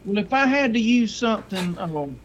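A man's voice: high-pitched, animated, moderate pace, highs cut off, a crowd in the background. A man who is a guest on a casual chat, talking in an easygoing, joking way.

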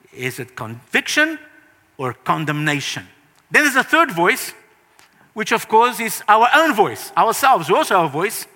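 Preacher guy, high-ish bright voice, earnest emphatic sermon, long echo. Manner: earnest, emphatic preaching with sudden louder rises. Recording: reverberant hall.

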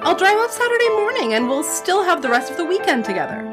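A woman's voice: medium pitch, expressive, fast talker, over loud music, natural voice. A woman reading aloud as an upset teenage girl who pleads and snaps angrily. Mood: pleading. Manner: pleading, then snapping heatedly. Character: tearful, angry teenage girl. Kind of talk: reading a novel passage aloud.

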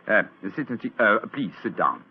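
An actor playing a detective who poses as a German count with a put-on German accent, mock-formal and pompous, in 1940s radio acting. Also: male voice, lowish voice, expressive, moderate pace, husky. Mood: sly. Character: English detective posing as a German count, sly. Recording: tinny old radio broadcast.

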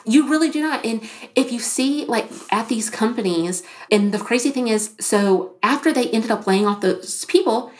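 Animated woman telling a story, lots of "like". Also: on the high side, normal speed. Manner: animated, frequent "like" fillers, acts out quoted speech. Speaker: podcast guest, business founder. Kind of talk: casual storytelling interview.

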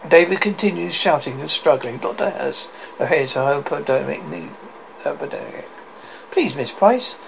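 A man's voice: fairly high pitch, normal speed, gravelly, a little hiss or hum, low-quality recording. A man reading a screenplay aloud, reading the stage directions plainly with slips and restarts. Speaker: script reader.

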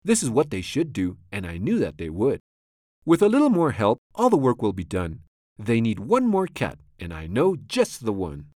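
A man's voice: medium pitch, wildly swooping pitch, moderate pace, darkish tone, no room sound, studio quality. A man voicing a mischievous, boastful big male cat in a storybook, in a smug sing-song rhyme.

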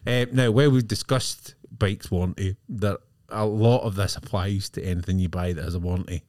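A man's voice: low voice, steady tone, moderate pace, darkish tone, dry recording, studio quality. A man co-hosting a podcast, rambling in casual chat and often checking that he is understood. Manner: rambling, often adds "do you know what I mean". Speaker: podcast co-host.

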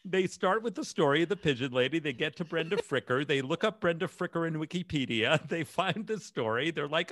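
A man's voice: fairly high pitch, animated, a little fast, hardly any pauses, fairly bright tone, dry recording, studio quality. A man co-hosting a casual chat show, telling a story and laughing often. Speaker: podcast co-host.

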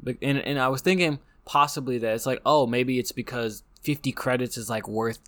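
A man's voice: mid-range voice, fairly quick, fairly bright tone. An American man hosting a casual monologue, rambling and joking with frequent restarts. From United States. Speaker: podcast host.

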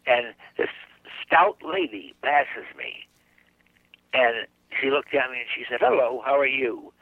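A man's voice: medium pitch, unhurried, dry recording. An older man tells a rambling story on a radio show and slips into the voices of the people in it. His voice comes through a narrow, phone-like line with a dry sound. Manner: chatty anecdotal storyteller, acts out dialogue. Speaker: guest psychic.

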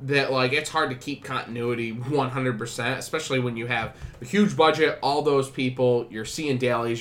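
A man hosting a podcast at home, telling stories in casual chat, swearing freely. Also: mid-range voice. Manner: swearing, animated storyteller. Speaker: podcast host.

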